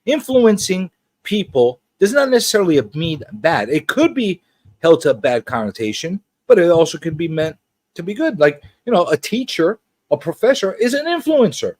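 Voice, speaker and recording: A man hosting a casual pop culture livestream, teasing his guest and chatting in an animated way. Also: normal speed, dry recording. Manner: animated and teasing, jumps between high and low.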